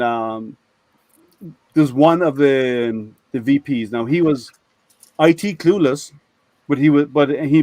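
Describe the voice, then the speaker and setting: A man's voice: medium pitch, a little mellow, dry recording. A man in casual group conversation, telling rambling workplace stories with many restarts. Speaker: IT product manager at a software company. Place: online video hangout.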